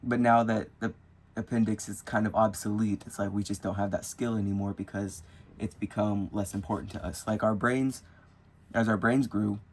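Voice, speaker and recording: This young man's spiritual vlog is a loose, musing monologue delivered as he works with colored pencils. His voice is fairly low, steady and a little mellow, at a normal pace, with a slight hiss or hum in the audio.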